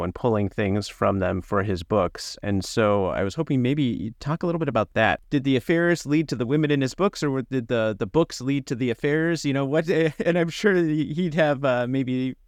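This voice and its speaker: A man's voice: mid-range voice, fairly quick, few pauses, no room sound, studio quality. A man interviewing an author, asking questions in a friendly, conversational way with casual fillers. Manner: friendly, conversational, frequent fillers like "you know" and "right".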